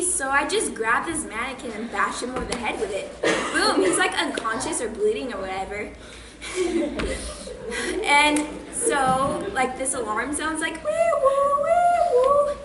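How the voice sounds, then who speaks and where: A woman's voice: high voice, lively intonation, normal speed. A woman playing a bubbly, unhinged young woman who gushes and giggles about an imaginary celebrity friend. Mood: gleeful, manic. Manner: gushing, giggly, breezy about violence. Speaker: student actor in a stage play. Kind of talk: comic stage monologue. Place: school stage or hall. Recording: roomy stage recording with noise.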